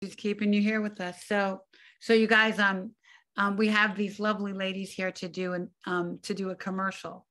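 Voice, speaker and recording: A woman's voice: medium pitch, level tone, moderate pace, a bit bright. A woman hosting a talk show, upbeat and chatty, introducing her guests.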